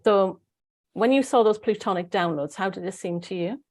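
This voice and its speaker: A woman's voice: medium pitch, moderate pace, darkish tone. A woman with a Welsh accent hosting a casual spiritual group chat, rambling and restarting as she searches for words. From Wales. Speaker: host.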